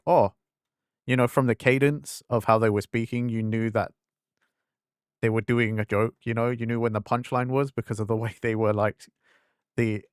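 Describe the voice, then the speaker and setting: A young man from England talks into a desk mic at home, his London-leaning English accent worn thin. He rambles through casual stream chat, piling up fillers and restarting his sentences. His voice sits at an ordinary middle pitch, and the sound is dry and close with no room echo. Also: clear, resonant tone. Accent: fading English, London-leaning. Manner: rambling, filler-heavy, self-interrupting.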